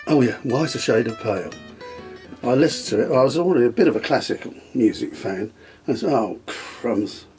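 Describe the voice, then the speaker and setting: An older man, reminiscing in conversation, telling anecdotes with frequent chuckles and halting fillers. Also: mid-range voice, lively intonation, a little mellow, soft background music. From England. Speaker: guest, storyteller.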